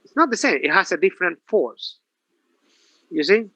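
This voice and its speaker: A man's voice: high-pitched, normal speed, no echo, low-quality recording. A male professor giving a classroom grammar lecture, asking rhetorical questions and repeating himself. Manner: lively, repetitive, rhetorical questions.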